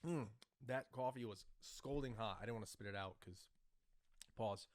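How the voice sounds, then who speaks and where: A man hosts his own podcast alone, talking casually in a lower voice. He rambles and restarts his sentences often. The sound is dry and close to a desk microphone. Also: normal speed, dry recording. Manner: rambling, with many fillers and restarts. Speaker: podcast host. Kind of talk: casual solo commentary.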